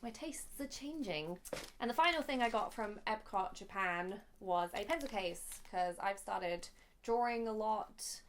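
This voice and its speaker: A woman's voice: medium pitch, a little slow, slight background noise. A young woman talks through a shopping haul in a casual, gushing, chatty vlog. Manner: gushing, chatty, easily emotional. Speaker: vlogger.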